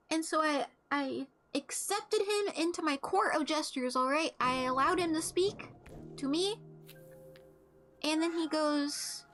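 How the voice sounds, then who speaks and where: A woman's voice: high-pitched, a little slow, a bit bright. A young woman streaming a game while telling stories in a blunt, profane, casual way.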